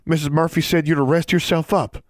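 A man voicing a tearful, grateful girl who speaks softly. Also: on the high side, steady tone, moderate pace, no room sound, clean studio sound, voice pushed up, natural voice. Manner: soft, tearful.

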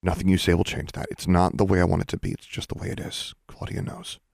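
A man reading aloud and voicing a sixteen-year-old girl who speaks quietly and earnestly. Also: sits low, completely flat delivery, fast, vocal fry, no echo, studio quality, full character voice.

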